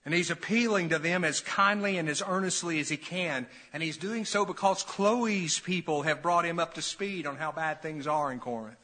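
A man's voice: a little high, normal speed, few pauses, pushed and bright. A middle-aged male pastor preaching an expository sermon, emphatic, building in intensity and putting questions to his congregation. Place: church sanctuary. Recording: long reverb of a church hall.

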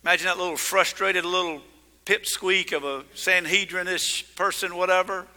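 High, bright-voiced male preacher. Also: fairly even intonation, moderate pace, long reverb tail. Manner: emphatic preaching, swinging from loud to hushed. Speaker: pastor. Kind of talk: sermon.

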